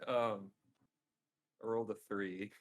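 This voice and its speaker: A man's voice: fairly low pitch, fairly even intonation, takes it slowly. A man playing a tabletop game with friends over a voice call, talking in a playful, jokey way. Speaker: player. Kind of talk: casual game chat. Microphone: home mic on a voice call.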